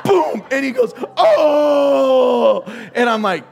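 A man preaching a sermon as pastor, joking and telling stories with sudden loud outbursts. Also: fairly high pitch, normal speed.

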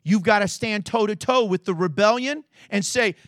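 A man preaching a sermon as a pastor in a church, animated and acting out quotes with big swings in his voice. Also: sits high, moderate pace, few pauses, no echo, studio quality.

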